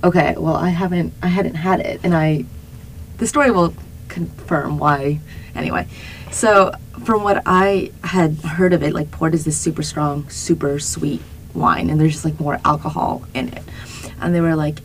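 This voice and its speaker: A young woman with a slightly low voice tells a story in easy podcast chat. She is animated and laughs often, with fillers everywhere. A faint background hiss sits under the recording. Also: moderate pace, rough recording. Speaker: podcast co-host.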